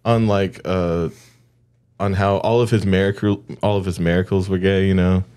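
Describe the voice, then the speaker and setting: A man's voice: low-pitched, level tone, normal speed, a little mellow, clean tone. A man co-hosting a comedy podcast, joking and profane in casual chat. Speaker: podcast co-host.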